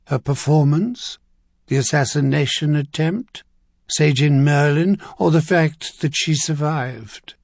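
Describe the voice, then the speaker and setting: A man's voice: fairly high pitch, takes it slowly, creaky, a little mellow, no echo, pitched above the performer's own voice, exaggerated voice. A man voicing a dry, wry older duke in an audiobook.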